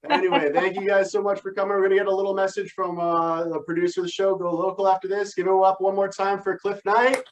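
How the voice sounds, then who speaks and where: A man hosting a virtual comedy show, thanking the comics and wrapping up with a quick story. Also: high voice, little pitch movement, muffled recording, slight background noise.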